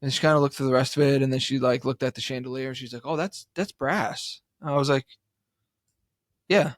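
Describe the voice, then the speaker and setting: A man co-hosting a podcast in casual chat, telling stories with lively acted-out voices and frequent laughs. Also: medium pitch, quick pace, no echo, studio quality. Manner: animated storyteller, acts out voices, laughs often. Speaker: podcast co-host.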